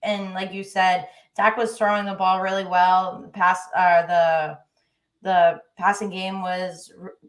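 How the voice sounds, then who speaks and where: A woman's voice: fairly low pitch, level tone, takes it slowly. A woman co-hosting a sports podcast, chatting casually and agreeably. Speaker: podcast co-host. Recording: echoey room.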